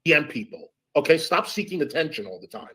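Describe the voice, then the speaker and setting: A man with a somewhat high voice talks in a heated, blunt way. He scolds and swears often, pressing his point. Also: sing-song, fast talker, bright, forceful tone, husky. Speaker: stream guest. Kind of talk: heated casual chat.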